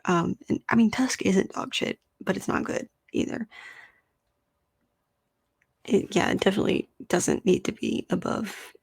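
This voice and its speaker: Gravelly-voiced woman ranting on a podcast. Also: mid-range voice, unhurried, long pauses, no room sound. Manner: animated, swears freely, rambles with fillers. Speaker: podcast host. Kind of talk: casual solo podcast ranking films.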